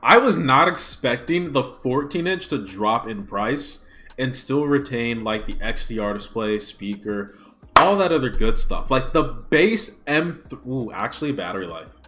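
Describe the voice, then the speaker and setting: Male streamer reacting live, smartphone mic, animated lively pitch, unhurried delivery, swings from hyped shouts to grumbles. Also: noisy background. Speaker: streamer hosting a live watch party.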